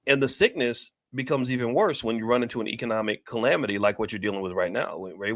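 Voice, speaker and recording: A man's voice: medium pitch, fairly bright tone, no room sound. A man hosting a finance talk, speaking emphatically to viewers with rhetorical questions and repeated points. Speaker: finance commentator and host. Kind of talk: preachy monologue to viewers.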